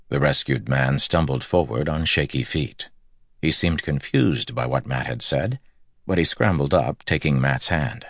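A man narrating a story in an audiobook, with steady, measured storytelling. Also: a bass voice, creaky, no echo, studio quality. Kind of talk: scripted narration.

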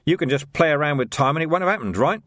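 A gruff, worn-out watch commander, as a male narrator voices him, snapping in irritable bursts. The voice rises a little above the narration and stays lively. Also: on the high side, very fast, no echo, studio quality, voice pushed up. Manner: irritable, forceful outbursts.

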